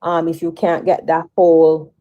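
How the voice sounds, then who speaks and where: A woman's voice: sits low, completely flat delivery, normal speed, muffled recording. A woman explaining health advice as a talk-show guest, careful, with frequent restarts.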